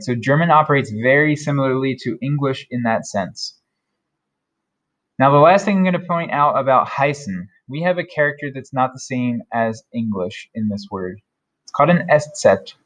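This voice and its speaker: A man teaching German vocabulary, repeating each word slowly and carefully. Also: mid-range voice. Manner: slow, careful modeling of German words. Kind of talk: vocabulary lesson.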